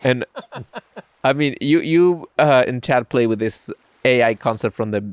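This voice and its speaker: A man hosting a podcast, asking halting, filler-heavy questions. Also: mid-range voice, smooth. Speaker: podcast host. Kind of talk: casual interview.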